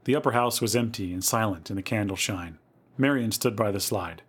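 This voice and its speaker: Male podcast host, lowish voice, dramatic spooky story reading. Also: fairly quick, husky.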